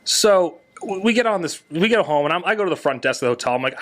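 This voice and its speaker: A young man telling a family trip story on a casual podcast, animated and laughing at himself. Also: a little high, fast talker.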